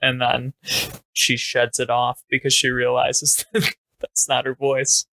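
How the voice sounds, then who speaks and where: Bright-voiced man with wry deadpan quips. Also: mid-range voice, measured pace, gravelly. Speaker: podcast co-host. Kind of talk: casual comedic chat.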